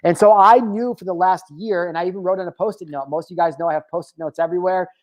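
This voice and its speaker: A man's voice: sits high, steady tone, fast. A man in his thirties hosting his own show, talking candidly and profanely about his feelings, with filler words and tangents. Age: 30s. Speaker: host. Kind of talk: casual motivational talk.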